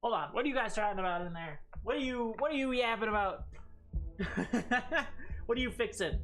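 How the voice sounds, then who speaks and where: A woman's voice: fairly high pitch, lively intonation, moderate pace, fairly bright tone, slight background noise. A woman streaming a game, chatting casually with a playful, sarcastic manner and loose swearing. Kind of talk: casual gaming stream chat.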